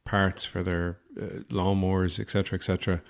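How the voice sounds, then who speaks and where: Irish podcast host, lowish voice, rambling, self-deprecating comic storyteller. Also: male voice, little pitch movement, fairly quick, creaky, clear, resonant tone.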